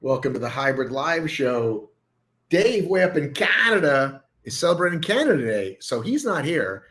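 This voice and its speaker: A man's voice: fairly high pitch, sing-song, moderate pace, fairly bright tone, rough recording. A man hosting a live online show, joking around and swearing freely in casual chat.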